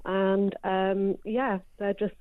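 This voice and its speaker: A woman's voice: mid-range voice, flat delivery, slow, dry recording. A woman calling into a radio phone-in, hesitant and full of ums. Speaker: caller. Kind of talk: phone-in call. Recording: dry phone line.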